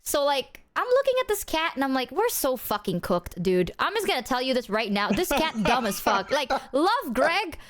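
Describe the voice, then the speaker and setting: A woman streamer chatting casually, telling animated stories full of swearing and acted-out quotes. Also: high voice, moderate pace, few pauses. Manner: animated storyteller, swears freely, acts out quotes.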